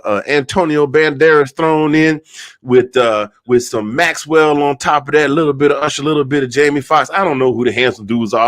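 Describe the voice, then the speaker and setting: A man on a football roundtable show telling a long comedic story, animated and rambling, repeating himself for effect. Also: on the high side, no room sound. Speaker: regular segment host telling a joke.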